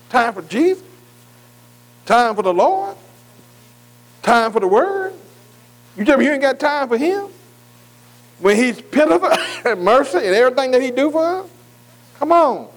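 A man's voice: very high-pitched, low-quality recording. An older man preaching a folksy sermon, often checking in with his congregation. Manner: folksy, calls for congregation response.

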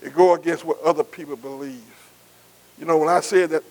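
His voice sits on the high side, fairly even and fairly quick, with a darkish tone; the recording is rough with slight background noise. This male preacher's sermon is emphatic and repetitive, built on call-and-response as he asks the congregation to finish his lines and say they're with him.

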